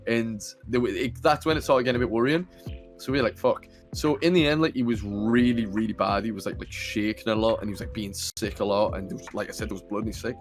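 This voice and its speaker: Speaking quickly in a fairly low voice, a young podcast host rambles his way through a casual story full of swearing and fillers. Faint music plays behind him, and the audio comes from a computer camera mic.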